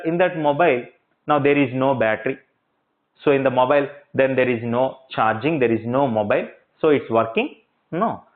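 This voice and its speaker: Male lecturer, repetitive teaching style with rhetorical checks, fairly high voice, tinny lo-fi recording. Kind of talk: classroom lecture. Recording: tinny phone-like audio.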